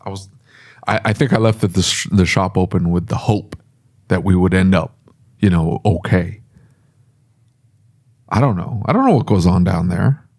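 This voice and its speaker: A middle-aged man, a shop owner, chatting casually on a podcast and telling rambling, animated stories. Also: low voice, normal speed, gravelly, pauses often. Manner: rambling, animated storytelling with laughs.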